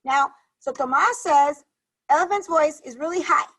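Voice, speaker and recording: A woman's voice: high voice, moderate pace, fairly bright tone, rough recording. A woman teacher on a video call, leading a reading lesson for young children, encouraging and repeating questions to the class.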